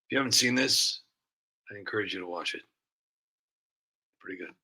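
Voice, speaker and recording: A man hosting a nightly livestream, rambling softly with many pauses. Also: on the low side. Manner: rambling, soft-spoken, lots of fillers. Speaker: livestream host. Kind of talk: casual chat.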